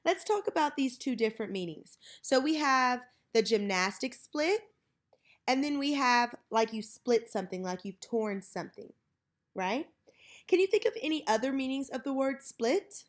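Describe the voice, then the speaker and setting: A woman teacher leading a children's reading lesson, modeling each word slowly and clearly. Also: sits high, expressive.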